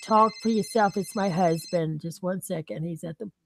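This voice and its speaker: A woman's voice: fairly low pitch, moderate pace, creaky, a little hiss or hum. A middle-aged woman, chatting emotionally and rambling to her viewers. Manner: rambling, emotional, repeats herself. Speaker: vlogger. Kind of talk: emotional casual chat to viewers.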